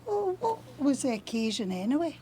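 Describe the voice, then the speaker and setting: A woman's voice: high-pitched, very animated, moderate pace, noisy background. An actress playing a melodramatic middle-aged neighbour who dwells on her ailments. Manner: self-pitying, theatrical.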